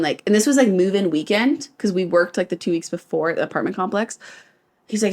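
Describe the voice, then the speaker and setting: A woman's voice: mid-range voice, fast talker. A young woman from California, co-hosting a podcast and telling a story in casual chat, laughing often and acting out what others said. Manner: animated, laughing, quotes others in changed voices. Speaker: podcast co-host.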